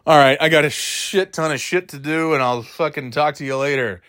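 A man's voice: a little high, steady tone, brisk, a bit bright, no room sound, clean studio sound. A man vlogging at home, talking in a rambling, self-deprecating, casually profane way. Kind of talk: casual monologue to camera. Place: at home in a living room.

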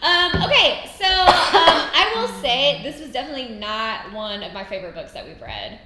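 A young woman co-hosts a casual book-chat podcast, laughing her way through her opinions. Her voice sits high and swings widely in pitch. The room around her rings with echo. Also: normal speed, very noisy. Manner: giggly, animated, laughs often. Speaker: podcast co-host. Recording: echoey room.

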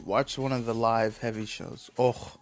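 A man's voice: mid-range voice, flat delivery, measured pace. A man telling a story in a casual monologue, rambling and cursing freely, with frequent restarts and chuckles.

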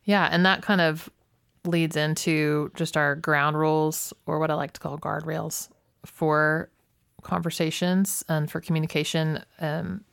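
Low-voiced woman on a podcast, calm n steady, dry close sound. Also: a little slow, gravelly, clean tone, no room sound. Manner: calm, affirming, many mm-hmms. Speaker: marriage communication teacher. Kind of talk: casual podcast teaching.

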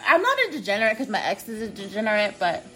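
A woman's voice: mid-range voice, very animated, fast, pushed and bright. A woman in her twenties hosting a podcast from her kitchen, telling stories in a blunt, profane, self-mocking way. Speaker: podcast host. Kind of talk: casual storytelling monologue. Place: home kitchen.

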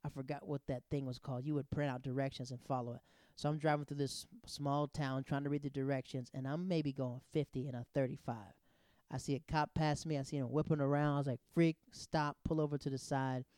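A man in his thirties telling personal stories in a casual, animated, digressive way, often restarting his sentences. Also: mid-range voice, fast talker, no room sound, studio quality. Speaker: storyteller. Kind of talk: casual anecdotal storytelling.

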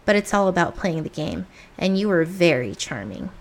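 A woman's voice: lowish voice, big pitch swings, normal speed, creaky. A woman voicing the disembodied ghost of a dead ex-lover, speaking in a sing-song, teasing manner that can turn cold and menacing. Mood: sing-songy.

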